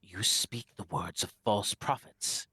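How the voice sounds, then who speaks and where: A man's voice: lowish voice, takes it slowly, pushed and bright, breathy edge, no echo, exaggerated voice. A man playing a fanatical preaching abbot. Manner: sermonizing, grandiose.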